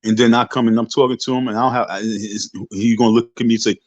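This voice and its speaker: A man's voice: mid-range voice, fairly even intonation, fast talker, dry recording. Emphatic, preachy man ranting on a livestream. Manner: emphatic, preachy, repeats himself, profane. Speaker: livestream host. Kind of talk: casual livestream rant. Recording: dull lo-fi dry sound.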